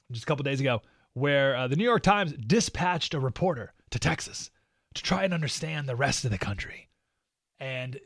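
A man with a slightly higher voice runs his own talk radio show, speaking into a studio mic in a dry, deadened booth. He lays out his opinions in an animated monologue. His tone is sarcastic and mocking. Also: breathy edge, no echo.

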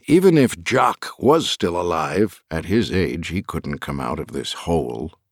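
Deep-voiced male audiobook narrator. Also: expressive, measured pace, no room sound, clean studio sound.

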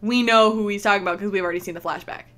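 A woman's voice: mid-range voice, fairly even intonation, racing, fairly bright tone. A young woman co-hosting a casual podcast, chatty, laughing often and acting out quotes from the show. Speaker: podcast co-host.

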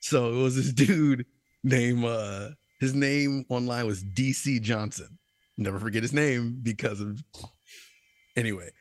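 A young man co-hosting a gaming podcast, telling stories in a loose, animated way, laughing and raising his voice when quoting others. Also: mid-range voice, unhurried, dry recording. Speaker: podcast co-host. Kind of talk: casual storytelling chat.

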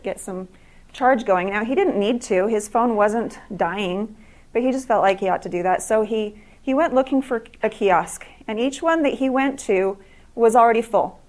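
Middle-aged woman, speaker at an evening event, earnest storytelling, frequent restarts, mid-pitched voice. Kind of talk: storytelling speech to an audience.

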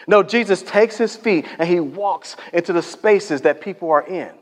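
Man, preacher, sermon, conversational storytelling, fairly high voice, long hall echo. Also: normal speed. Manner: conversational, storytelling, acts out quotes. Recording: echoey hall reverb.

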